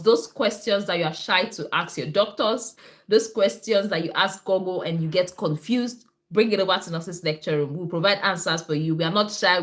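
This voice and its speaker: A woman's voice: lowish voice, a bit bright. Chatty woman nurse hosting a live stream. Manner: chatty, repeats herself, reads out viewer comments. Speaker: nurse and midwife hosting a live health show. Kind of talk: casual livestream talk answering comments.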